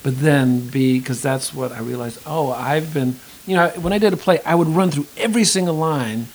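A middle-aged man who acts and teaches acting wanders thoughtfully through a casual interview, restarting often. His pitch is fairly high and his pace normal. Audio quality is poor, with a faint hiss.

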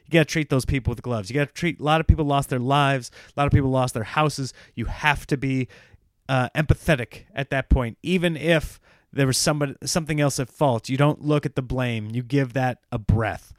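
American man, comedian, casual rant, sarcastic and animated, mid-pitched voice, dry close sound. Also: fairly quick, no room sound. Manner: sarcastic, animated, laughing at his own points. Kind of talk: casual ranting monologue.

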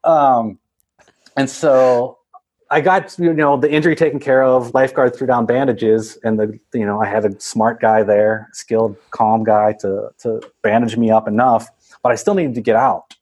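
A man's voice: medium pitch, fairly even intonation, normal speed, darkish tone, breathy edge. A man casually telling a long story, rambling with many fillers and laughing as he goes. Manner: rambling, laughs often, acts out voices of others.

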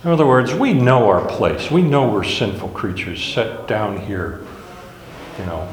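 A man's voice: lowish voice, animated, measured pace. A man teaching a casual Bible class in a wry, self-deprecating way, chuckling at his own jokes. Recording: echoey room with long reverb.

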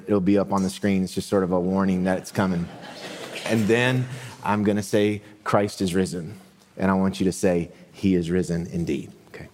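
A man's voice: lowish voice, a little mellow. Man preaching in a reverberant church. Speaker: pastor. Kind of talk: Easter sermon with scripture reading. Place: church sanctuary.

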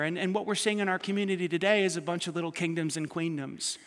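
A man preaching a sermon, telling personal stories with lively swings between quiet asides and loud emphatic bursts. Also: sits high, quick pace, hardly any pauses. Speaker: pastor. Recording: long hall reverb.

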